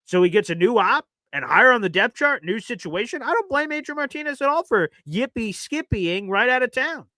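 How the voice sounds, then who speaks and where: A man with a Southern American accent hosting a casual sports talk show, animated and teasing in his banter. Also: very high-pitched, brisk, no echo. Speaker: podcast host.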